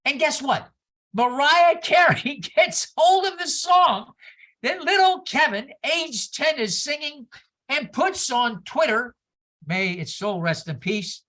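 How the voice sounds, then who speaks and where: A woman minister giving a sermon, telling stories in an animated way with exclamations and asides to the congregation. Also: high voice, slow pace. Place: church service.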